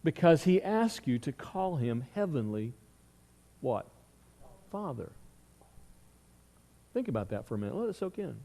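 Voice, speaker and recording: A man's voice: fairly high pitch, big pitch swings, measured pace, vocal fry, long pauses, warm tone, big-room sound. A middle-aged man preaching a sermon as pastor, telling stories and asking the congregation questions. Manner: conversational storytelling with rhetorical questions. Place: church sanctuary.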